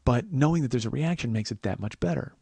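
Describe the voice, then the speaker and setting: Gravelly man telling comic stories. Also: medium pitch, fast, dry recording. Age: 40s. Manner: profane, rambling, animated storyteller. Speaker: podcast host. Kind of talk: comedic storytelling monologue.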